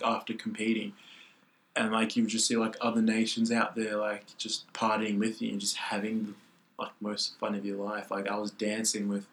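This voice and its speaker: A man's voice: lowish voice, fairly bright tone. A young man talking as a guest in casual chat, laid-back and rambling, filling his talk with "like". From Australia. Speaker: guest athlete.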